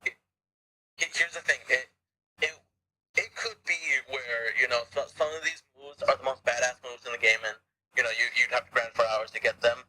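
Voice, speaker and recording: Bright-voiced stammering podcast host. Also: male voice, medium pitch, steady tone, moderate pace, poor audio. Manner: rambling, stammering restarts and frequent swearing. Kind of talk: casual chat.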